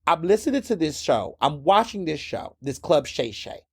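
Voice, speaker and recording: A man's voice: on the high side, sing-song, normal speed, husky, no room sound, studio quality. A man hosting his own podcast, giving blunt, impassioned solo commentary and repeating words when worked up. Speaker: podcast host.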